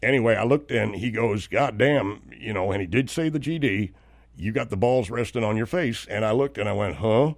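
A man's voice: fairly low pitch, normal speed, gravelly, dry recording, clean studio sound. A man playing a flustered suburban husband who stammers and trips over his words as he airs an indignant grievance in a comedic monologue. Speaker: host of a comedy segment.

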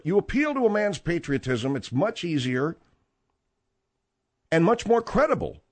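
A man's voice: a little high, sing-song, normal speed, a little mellow. A man hosting a talk radio show, delivering a combative, rambling and sarcastic monologue.

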